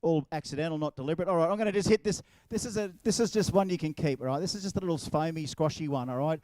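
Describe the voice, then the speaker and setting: An Australian man emceeing at an outdoor racetrack, joking and teasing the crowd. His voice sits fairly high, and the sound is dry and close. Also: racing, darkish tone, dry recording. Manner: jokey, playful, teasing. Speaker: event MC. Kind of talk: crowd banter at a live event. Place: outdoor drag racing track.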